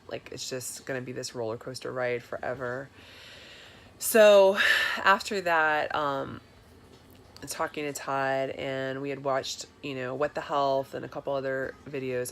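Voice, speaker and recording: A woman's voice: a bass voice, creaky, a bit bright, slight background noise. A woman in her thirties chatting casually and confessionally in a personal vlog, with lots of fillers. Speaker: vlogger. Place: home in Florida.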